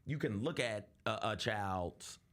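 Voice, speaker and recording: A young adult man co-hosting a casual sports chat show, his voice sitting slightly low. He talks in an earnest, storytelling way and slips into the voices of the people in his stories. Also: lively intonation, takes it slowly, fairly bright tone. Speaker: podcast host.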